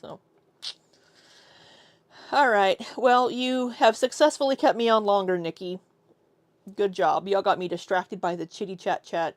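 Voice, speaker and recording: A woman's voice: mid-range voice, fairly even intonation, measured pace, pauses often, no echo. Young american woman rambling to her stream chat, laughs a ton, dry close mic. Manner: chatty, laughs often, tries out silly accents. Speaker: live streamer. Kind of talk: casual live-stream chat with viewers.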